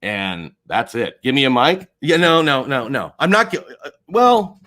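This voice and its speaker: An angry man on a livestream, swearing and swinging between low mutters and shouts. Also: big pitch swings, measured pace. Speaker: streamer. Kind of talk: heated livestream rant.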